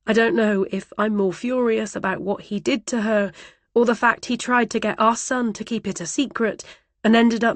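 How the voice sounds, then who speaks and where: A woman's voice: medium pitch, no room sound. A woman narrating a first-person thriller audiobook in a dramatic, vivid way.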